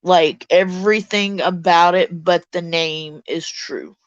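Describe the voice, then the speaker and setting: A woman from Mississippi with a thick Deep South drawl hosts a casual live chat, blunt and chatty. Her voice sits low for a woman. The sound is dry and a little muffled, like a basic home microphone. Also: steady tone, slow, no room sound. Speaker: livestream host reading chat.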